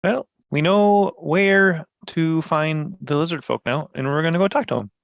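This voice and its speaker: Man playing a tabletop game in character, higher voice, bouncy, kinda dull dry mic. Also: normal speed, creaky, no echo. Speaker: player.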